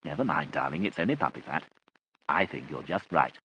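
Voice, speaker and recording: A man playing a gentle, sensible mother who soothes her children and asks them to behave. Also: mid-range voice, wildly swooping pitch, fairly quick, a little hiss or hum, pitched above the performer's own voice, low-quality recording.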